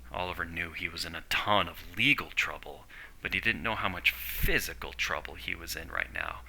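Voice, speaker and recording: A man narrating a story in a steady, descriptive way. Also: deep voice, normal speed, gravelly, poor audio.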